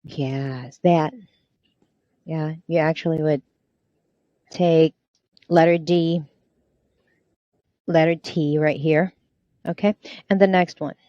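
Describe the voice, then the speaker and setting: A woman's voice: low-pitched, steady tone, slow pace, pauses often, dry recording, dull audio. A woman tutoring English online, prompting and correcting a student with encouragement.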